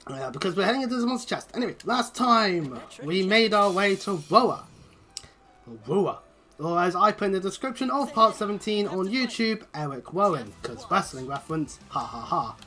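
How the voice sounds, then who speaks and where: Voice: mid-range voice, sing-song, moderate pace, bright, forceful tone. Rambling let's play host, mouth full. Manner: rambling and self-interrupting, chewing while talking. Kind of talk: casual gameplay commentary.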